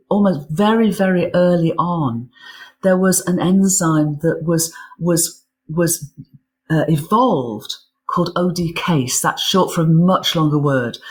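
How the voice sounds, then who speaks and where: A woman's voice: low voice, a little mellow, slight background noise. Enthusiastic woman explaining science. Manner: enthusiastic, explanatory, repeats words while building thoughts. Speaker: guest author and physicist. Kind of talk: interview conversation.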